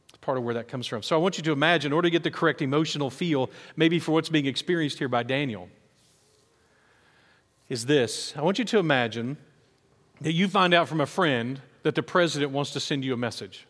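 A man preaching a sermon as pastor, telling stories in an animated way and acting out the voices of people he quotes. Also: a little high, in a large hall.

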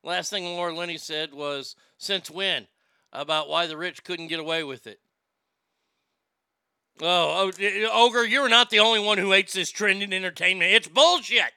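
A man's voice: high voice, creaky, bright, forceful tone, clear, resonant tone, dry recording, studio quality. A man hosting a live stream, chatting casually, ranting with profanity and reading viewer comments aloud.

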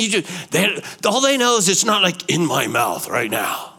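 A male pastor preaching a sermon in an animated way, asking rhetorical questions and repeating key phrases. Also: high-pitched, normal speed, vocal fry, slightly rough.

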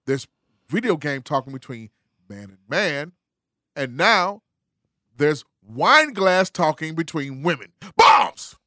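A man's voice: on the high side, very animated, slow, sharp tone, dry recording. A man co-hosting casual banter, playfully arguing and lecturing his point. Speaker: co-host.

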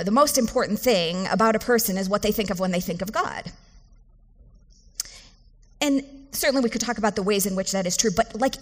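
A woman's voice: medium pitch, long reverb tail. A woman pastor giving a sermon in a conversational, earnest way, often restarting her phrases. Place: church sanctuary.

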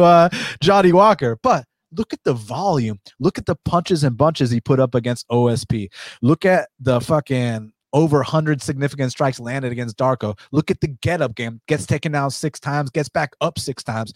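Profane, animated male podcast host. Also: a little high, no room sound. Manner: profane, animated, rambling with many fillers. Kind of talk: casual fight-betting podcast chat.

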